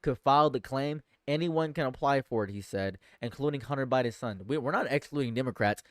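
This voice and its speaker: A man's voice: medium pitch, brisk, no echo, clean studio sound. A man streaming live political commentary, reading news aloud and reacting with exasperation, often repeating himself and stammering. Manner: exasperated, swings from shouting outrage to muttering; repeats phrases, stammers and restarts.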